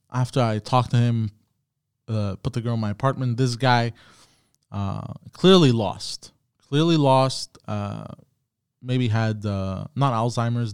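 A man's voice: mid-range voice, a little mellow, smooth, dry recording, clean studio sound. A man hosting a podcast, telling a story in a casual, profane way with many fillers and restarts. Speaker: podcast host.

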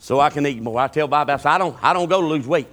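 High, bright preacher man. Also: rapid-fire, big-room sound. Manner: folksy, animated preaching with repetition and bursts of song. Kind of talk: sermon.

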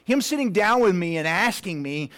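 Preacher, male, 50s, slightly higher voice, heartfelt storytelling that sinks to a hush. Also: animated, normal speed. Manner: heartfelt, drops to a hushed near-whisper at tender moments. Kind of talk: personal story in a sermon.

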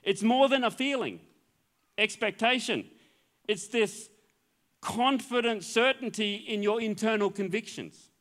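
Australian man, middle-aged pastor, high voice, earnest sermon, repeats and restarts phrases. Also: measured pace, fairly bright tone. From Queensland, Australia.

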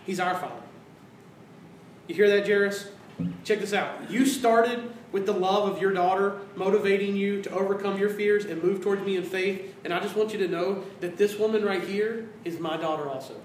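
A man preaching a sermon as pastor, animated, acting out quoted voices and dropping to hushed tones. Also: sits high, moderate pace, slight background noise. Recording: roomy sound from a distance.

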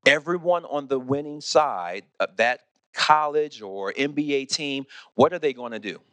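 A man preaching a sermon as pastor, animated, often restarting and asking "okay?". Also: medium pitch, moderate pace, no echo. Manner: animated, repeats words, asks "okay?" often.

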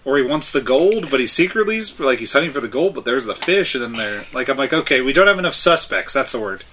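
A man's voice: mid-range voice, animated, fast talker, fairly bright tone, slight background noise. Matter-of-fact young man explaining lore. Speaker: podcast co-host. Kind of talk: casual chat.

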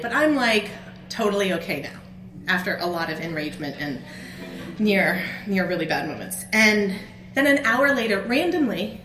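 Animated, bright-voiced woman in an echoey hall. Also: medium pitch, slight background noise. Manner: animated storytelling, acts out her own outbursts. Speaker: conference speaker. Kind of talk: personal story in a faith talk. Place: conference hall. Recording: echoey room with faint ambience.

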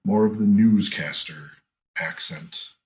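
Man from Wisconsin, slight Wisconsin accent, lowish voice, casual rambling storyteller for a podcast. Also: slow. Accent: mild Wisconsin. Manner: rambling storyteller, many fillers. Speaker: podcast co-host. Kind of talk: casual chat.

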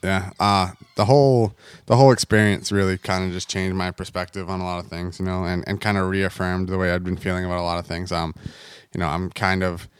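Low-voiced rambling American man. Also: level tone, a little fast, hardly any pauses, clean tone, no echo. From United States. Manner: rambling, heavy on fillers like "you know what I mean". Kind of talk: casual podcast chat.

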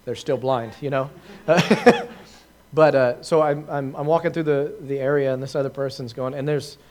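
A man's voice: mid-range voice, moderate pace, darkish tone. A man giving an informal talk to a group, telling a story in a conversational way with many fillers, restarts and laughs at himself. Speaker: preacher answering questions.

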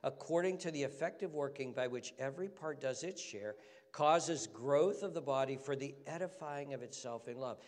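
A man's voice: mid-range voice, normal speed. A man preaching a sermon, reading scripture aloud and explaining it with emphasis. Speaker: pastor. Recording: long reverb of a large hall.

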